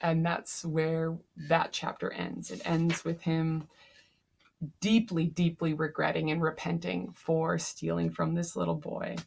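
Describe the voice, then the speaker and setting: A woman's voice: low voice, little pitch movement, measured pace, creaky, darkish tone, a little hiss or hum. A young woman casually summarizing a novel chapter for a class, tired, with many fillers. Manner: chatty, frequent fillers.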